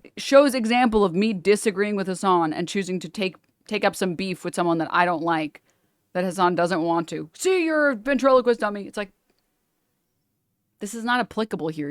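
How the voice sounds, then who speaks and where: A woman's voice: medium pitch, dry recording, studio quality. A young woman streamer reacting to a video, joking sarcastically, laughing often and swearing freely. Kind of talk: casual reaction commentary.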